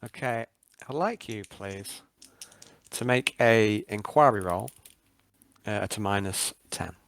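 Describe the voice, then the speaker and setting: Hesitant low-voiced game master man. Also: takes it slowly, a bit bright, clean tone, no echo. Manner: hesitant, many fillers. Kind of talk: narrating a tabletop game.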